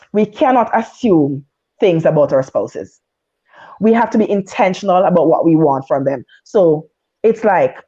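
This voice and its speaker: A woman's voice: lowish voice, dark tone, husky, highs cut off. A married woman on a video call, giving earnest, candid advice and repeating points for emphasis. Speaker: married guest on a panel. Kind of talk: heartfelt advice talk.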